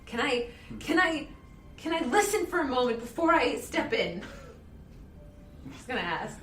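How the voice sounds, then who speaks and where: Very high-voiced, giggly woman player. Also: sing-song, a little slow, fairly bright tone, reverberant, soft background music. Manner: giggly, bubbly. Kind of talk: playing a tabletop game. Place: theater stage.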